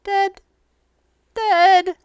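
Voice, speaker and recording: A woman voicing a small, timid flying monkey in a cage, speaking in a halting, frightened, pleading way. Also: very high voice, steady tone, no room sound, voice pushed up. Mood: grieving.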